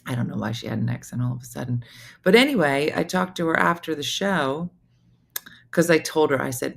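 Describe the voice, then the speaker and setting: A woman comedian hosting a morning show, telling a chatty, animated story with frequent asides. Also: deep voice, fairly quick, vocal fry, slight background noise. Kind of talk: casual comic storytelling.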